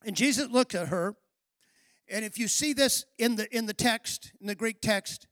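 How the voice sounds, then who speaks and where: A man preaching a sermon as pastor, telling a story and acting out its dialogue, then building to shouted emphasis. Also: high-pitched, moderate pace, no room sound, clean studio sound.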